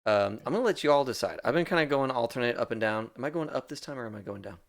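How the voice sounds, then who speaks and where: A man's voice: medium pitch, expressive, rapid-fire, gravelly. A man chatting effusively on a charity game stream, laughing often as he sorts through the giveaway list. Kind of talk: casual chat on a charity stream.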